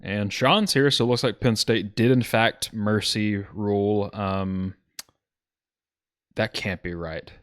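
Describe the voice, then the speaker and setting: A man's voice: on the low side, steady tone, takes it slowly, fairly bright tone, dry recording, clean studio sound. A man from Alabama with a Southern accent, giving casual, rambling play-by-play commentary on a streamed game and often correcting himself as he goes. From Alabama, USA. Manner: rambling, self-correcting, chatty with his chat.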